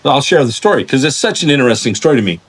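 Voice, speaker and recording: Animated male podcast host telling stories. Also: medium pitch, rapid-fire, slightly rough. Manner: animated storyteller, acts out voices in anecdotes; many restarts and repeated words. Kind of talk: casual interview chat.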